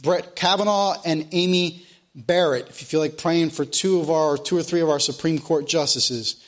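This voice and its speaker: Pastor, man, high voice, slow emphatic preaching and prayer. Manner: preaching with slow, emphatic phrasing, sometimes repeating himself. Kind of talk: sermon and prayer.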